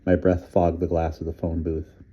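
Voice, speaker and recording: A man reading a novel aloud in a measured, even narration. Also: deep voice, breathy edge, lo-fi sound. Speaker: audiobook reader. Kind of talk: scripted narration.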